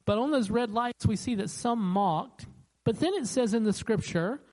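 Animated conversational preacher. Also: medium pitch, moderate pace, poor audio. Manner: animated, acts out the voices of the people it quotes; conversational, with frequent restarts. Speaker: pastor. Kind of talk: sermon.

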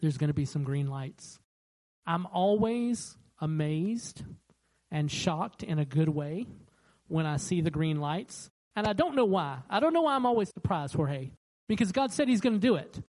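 Animated conversational preacher. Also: mid-range voice, normal speed, rough recording. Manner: animated, acts out the voices of the people it quotes; conversational, with frequent restarts. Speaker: pastor. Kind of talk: sermon.

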